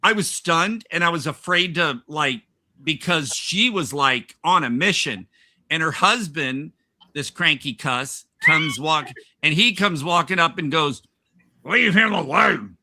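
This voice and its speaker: A podcast host with a fairly high, sharp-toned, expressive voice tells a rambling workplace anecdote at an unhurried pace. The chat is casual, full of laughs and restarts.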